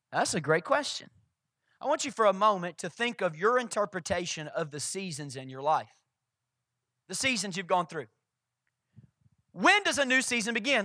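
High, bright-voiced male pastor preaching. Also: no echo. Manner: emphatic, repeats key lines, animated. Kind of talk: sermon.

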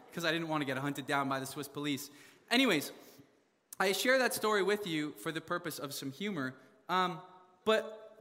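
A young man from Canada telling a funny story in a sermon, animated, laughing often and full of fillers. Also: fairly high pitch, in a large hall. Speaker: preacher.

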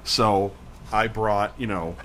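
Male podcast co-host, lower voice, chatty rambling storyteller. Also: slow pace, a little hiss or hum. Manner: rambling, animated, full of "like" and acted-out quotes. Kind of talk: casual storytelling chat.

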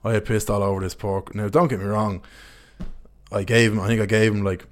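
Young bloke, lowish voice, swears freely, rambles through his stories. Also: little pitch movement, brisk. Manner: candid, sweary, rambling anecdotes. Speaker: podcast host. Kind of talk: casual storytelling chat.

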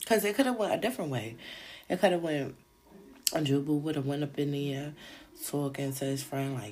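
A woman podcast host talking in a loose, slangy style, cursing freely and turning often to address her listeners. Her voice sits a little low, yet it swings widely in pitch. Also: brisk. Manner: animated, slangy and profane, with frequent asides to listeners. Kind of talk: casual gossip commentary.

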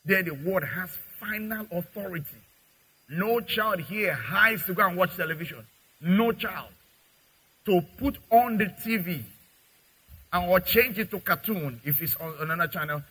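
A middle-aged male pastor preaching a sermon, acting out little dialogues and swinging from quiet to loud. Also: high-pitched, moderate pace, slightly rough, rough recording. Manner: preaching with dramatic acted-out dialogue and big swings in loudness.

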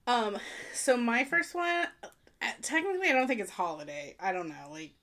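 A woman co-hosting a casual chat, relaxed and rambling, with lots of fillers and casual swearing. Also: on the high side, moderate pace. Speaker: podcast co-host.

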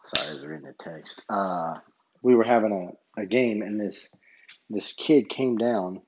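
A man's voice: on the low side, normal speed, muffled recording, background noise. A man who referees basketball, casually telling a story in a rambling way and retelling each exchange line by line. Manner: rambling, retells dialogue with many "I said".

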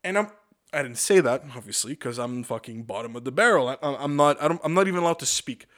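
A man casually telling a work story, profane and animated, acting out what people said. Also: medium pitch, fast. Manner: profane, animated, acts out quotes.

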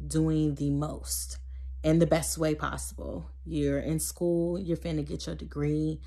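A woman's voice: low-pitched, gravelly, darkish tone. A woman recording an upbeat, encouraging birthday message for a friend, using casual slang.

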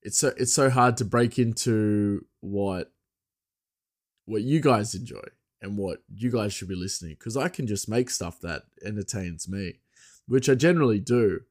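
A man's voice: on the low side, moderate pace. A man hosting his own podcast, talking casually in a rambling, self-deprecating way with many restarts. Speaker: podcast host. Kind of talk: casual solo podcast chat.

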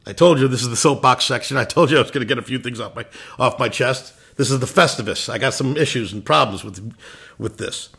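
A man's voice: mid-range voice, fast, vocal fry, sharp tone, slightly rough. A man hosting a lacrosse show, ranting bluntly with swearing and restarts, irritated. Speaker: lacrosse podcast host. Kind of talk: opinion rant.

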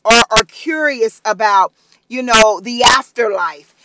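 A preacher delivering an emotional sermon, breaking into shouted whoops and drawing phrases out slowly. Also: medium pitch. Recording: loud background noise, vehicle sounds.

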